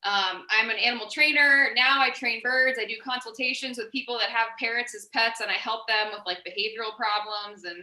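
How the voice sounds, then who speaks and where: A woman's voice: fairly high pitch, a little fast, hardly any pauses, bright, forceful tone, reverberant, poor audio. A woman who trains animals, chatting in a cheerful, easygoing way. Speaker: bird trainer guest. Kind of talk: casual chat.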